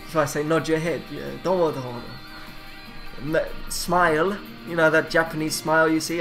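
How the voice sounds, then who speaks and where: Man, rambling, swearing, slightly high voice, faint background music. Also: fairly even intonation, brisk, fairly bright tone. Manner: rambling, swears, mumbles while reading aloud. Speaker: vlogger. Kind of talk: casual self-taught language study.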